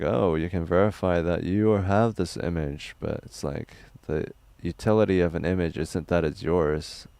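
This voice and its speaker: A young man livestreaming, reading chat questions aloud in a loose, rambling, crude and deadpan way. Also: low voice, vocal fry, no echo.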